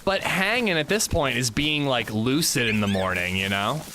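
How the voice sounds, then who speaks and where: Man chatting on a game stream, animated pitch, faint hum behind. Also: moderate pace. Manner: chatty, animated, reads chat aloud. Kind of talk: casual livestream chat while gaming.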